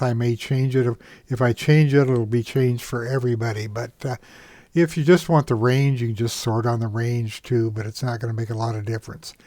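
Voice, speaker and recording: Male instructor, mid-pitched, for a dry-miked screen tutorial; slow, halting delivery full of "uh" pauses. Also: a little mellow, dry recording. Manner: unhurried, many "uh" pauses and self-corrections. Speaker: trading software instructor. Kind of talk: screen-share software tutorial.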